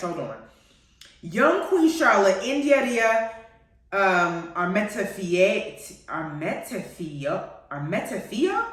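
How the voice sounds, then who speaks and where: Gushing woman host in an echoey room. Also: medium pitch. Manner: gushing and animated, calls listeners honey and y'all. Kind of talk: live-streamed TV review chat. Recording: very echoey room, far from the mic.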